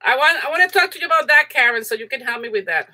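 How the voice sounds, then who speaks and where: A middle-aged woman hosting a live crafting stream, chatting casually and excitedly with her viewers, laughing often, her voice rising high when she gets excited. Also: rapid-fire. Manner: excitable, giggly, chatty, talks to viewers in chat. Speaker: crafting channel host.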